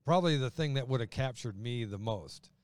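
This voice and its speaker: A man's voice: medium pitch, lively intonation, a little fast, darkish tone, clear, resonant tone, no echo, clean studio sound. A man preaching a sermon in a conversational way, acting out quoted voices as he goes. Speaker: pastor.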